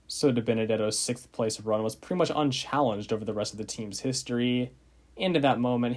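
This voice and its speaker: A man's voice: mid-range voice, a little mellow. A young man narrating a racing recap video in a casual way, often saying "uh". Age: young adult. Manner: casual, with frequent "uh" fillers. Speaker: YouTube racing channel host. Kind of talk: scripted narration.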